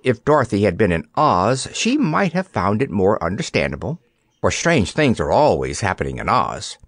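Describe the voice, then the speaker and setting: A man narrating an audiobook in an expressive storytelling manner, on a close studio mic. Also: fairly low pitch, moderate pace, no echo.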